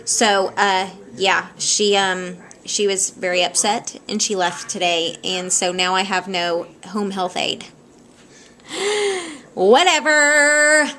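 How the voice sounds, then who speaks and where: A woman telling stories casually to a handheld camera at home, rambling and animated. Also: lowish voice. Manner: rambling, animated, quick to laugh. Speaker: vlogger. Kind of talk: casual storytelling vlog. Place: at home indoors. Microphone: handheld camera at arm's length.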